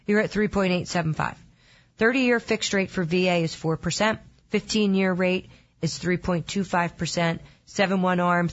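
A woman co-hosting a radio show, practical and brisk, reciting figures. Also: on the low side, highs cut off. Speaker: mortgage segment co-host. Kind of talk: casual radio chat.

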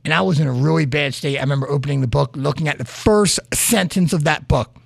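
A man's voice: fairly high pitch, fast talker, creaky, husky, dry recording. A man hosting a podcast, giving an earnest motivational monologue full of stories and "right?" asides. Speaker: podcast host.

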